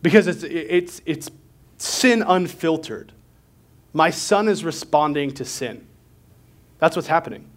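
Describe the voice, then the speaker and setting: A man's voice: on the high side, measured pace, long pauses. A young man preaching a sermon in a conversational, candid way, with self-deprecating asides.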